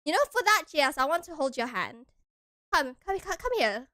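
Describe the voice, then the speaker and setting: Brief: young American woman, high voice, dry close sound, playful giggly streamer chat. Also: lively intonation, moderate pace, bright, forceful tone, dry recording. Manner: playful, giggly, chatty with viewers. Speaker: vtuber streamer.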